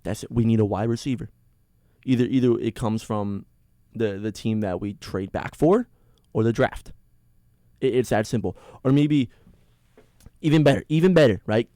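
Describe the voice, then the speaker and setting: A man hosting a sports podcast, ranting alone in an excitable, rambling way with many restarts. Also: medium pitch, moderate pace, long pauses, no echo, studio quality. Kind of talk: casual solo sports rant.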